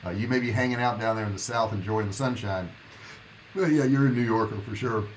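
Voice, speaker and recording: A man's voice: fairly low pitch, brisk, a little hiss or hum, poor audio. A man hosting a casual live stream, talking to his viewers in a loose, rambling, chatty way. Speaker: livestream host.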